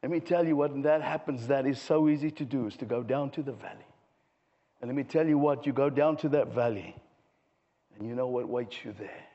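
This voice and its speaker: A man preaching a sermon, swinging from hushed low asides to raised, impassioned passages. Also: fairly quick. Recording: dull sound with long hall reverb.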